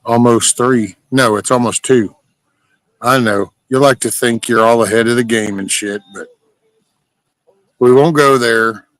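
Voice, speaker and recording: A man's voice: mid-range voice, steady tone, measured pace, long pauses, a bit bright, no echo. A man from Southeast Texas, chatting casually and joking with viewers while reading their comments on a livestream. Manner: laid-back, folksy and profane, joking with chat. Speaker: livestream host.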